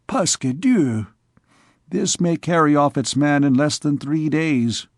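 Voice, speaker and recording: A man voicing a greedy, cunning royal physician who speaks in a slow, pompous, wheedling way, in an audiobook reading. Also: on the high side, lively intonation, dry recording, studio quality. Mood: grave.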